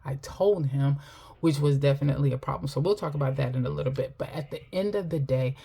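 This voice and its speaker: A woman's voice: a bass voice, fast talker, creaky, warm tone, slightly rough. A middle-aged woman telling a personal story while chatting casually to camera about her finances, laughing often.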